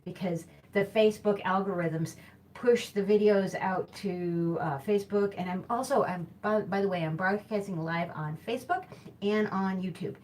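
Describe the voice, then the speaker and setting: A woman's voice: mid-range voice, normal speed, a little mellow, a little hiss or hum. A woman with a Midwestern accent hosting a live-streamed hula hooping show, talking in a chatty, rambling way and often correcting herself. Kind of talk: casual live-stream chat.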